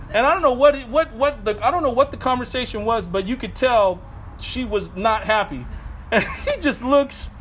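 A man with a notably high voice delivers a sermon outdoors, talking in a loose, conversational way with quick asides and self-corrections. There is faint noise in the background. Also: a bit bright, poor audio. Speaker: preacher.

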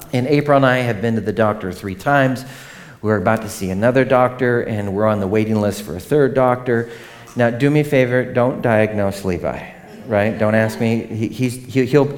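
A man in his thirties preaching a sermon, conversational and animated, often turning to ask the congregation questions. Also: mid-range voice. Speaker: pastor.

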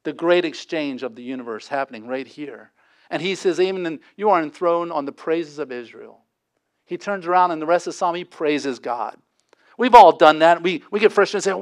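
A man preaching a sermon as pastor, impassioned, with dramatic pauses and sudden drops to a hush. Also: on the high side.

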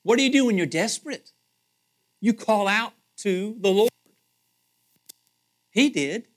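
A man preaching a sermon in a conversational, animated way, repeating himself and swinging between loud emphasis and quiet asides. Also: sits high, unhurried. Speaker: pastor.

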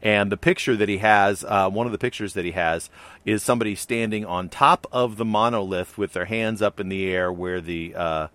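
A man's voice: lowish voice, moderate pace, a bit bright, dry recording. A middle-aged man co-hosting a podcast, chatting casually and rambling with many fillers and restarts. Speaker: podcast co-host. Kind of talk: casual chat.

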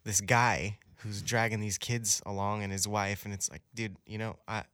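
A man's voice: lowish voice, little pitch movement, moderate pace, a bit bright, clean tone, no room sound, studio quality. A man earnestly recounting an emotional experience in casual conversation, restarting his sentences often.

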